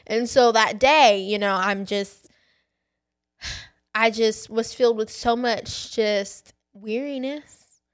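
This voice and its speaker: A woman's voice: on the high side, fairly even intonation, slow. A woman hosting a faith podcast, candidly telling a personal story and talking straight to her listeners. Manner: candid and conversational, addresses listeners as y'all. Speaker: podcast host.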